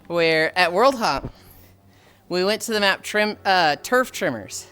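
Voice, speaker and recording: A man's voice: high voice, expressive, slow, pushed and bright, smooth. A man streaming while walking, chatting casually, rambling with frequent sighs and casual swearing. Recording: faint music behind.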